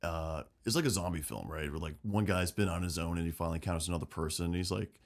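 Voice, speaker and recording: A man's voice: deep voice, fast talker. A man co-hosting a casual podcast chat about a game setting, swearing freely and acting out characters' lines. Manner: animated, swearing, acts out quotes. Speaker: podcast co-host.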